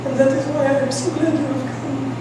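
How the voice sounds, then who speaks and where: A woman's voice: high voice, level tone, lightly acted. A woman playing a wistful lonely widow. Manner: soft, halting, wistful. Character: lonely widow wistful about her late husband. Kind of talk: live one-woman stage comedy. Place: theater stage. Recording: echoey theater, distant mic, some noise.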